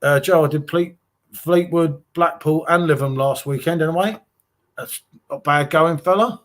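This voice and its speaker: A fairly high, somewhat bright voice belongs to this English live-stream host from England, speaking at a moderate pace. He chats casually, reads viewer comments out loud, and calls people mate.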